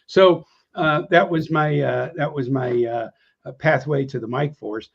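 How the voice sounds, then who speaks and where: A man's voice: measured pace, gravelly. An older American man telling war stories in an interview, rambling with many fillers and restarts, and raising his voice when he acts out old conversations. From United States. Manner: acts out quoted dialogue with lifted pitch. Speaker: interview guest, veteran. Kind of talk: casual storytelling. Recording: dull lo-fi audio.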